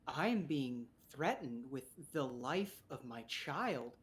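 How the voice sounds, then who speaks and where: A woman's voice: rumbling low, expressive, slow pace, exaggerated voice. A woman voicing a frightened but defiant mother, pleading and then turning curt. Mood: desperate.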